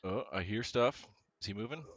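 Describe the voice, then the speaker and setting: A man's voice: fairly low pitch, moderate pace, fairly bright tone. A man narrating as game master over voice chat, hesitant, with many fillers and restarts. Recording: dull, slightly lo-fi voice chat audio.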